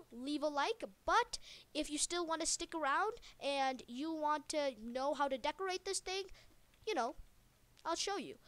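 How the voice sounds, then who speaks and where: High-voiced woman rambling through a tutorial. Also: fairly bright tone. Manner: rambling, jokey, many fillers and self-corrections. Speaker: video game tutorial maker. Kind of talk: casual game tutorial narration.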